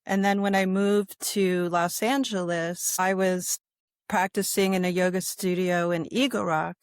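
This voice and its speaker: A middle-aged American woman, a yoga instructor and podcast guest, telling her personal story in a casual, animated way and acting out what other people said. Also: lowish voice, measured pace, clean tone, no room sound, studio quality. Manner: animated, acts out quoted people in livelier voices.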